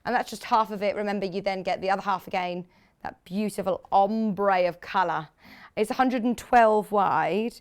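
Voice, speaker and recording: A woman presenting products on live shopping television, chatty and enthusiastic, joking with the crew between sales pitches. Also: moderate pace, smooth.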